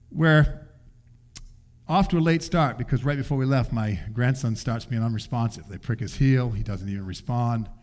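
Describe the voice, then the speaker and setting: An older man preaching, telling a family story in an animated way and acting out voices. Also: mid-range voice, unhurried, long pauses. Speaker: pastor. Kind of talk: sermon storytelling.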